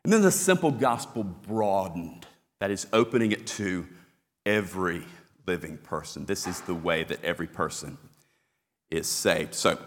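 A man preaching a sermon as pastor, explaining a passage with emphatic repetition. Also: on the low side. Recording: long hall reverb.

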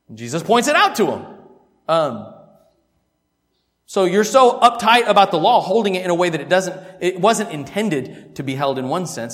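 A man preaching in a fairly high voice, talking through scripture like a conversation. He swings from hushed asides to loud, emphatic bursts. His voice rings out with a long reverb, as in a large church hall. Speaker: pastor. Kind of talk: expository sermon.

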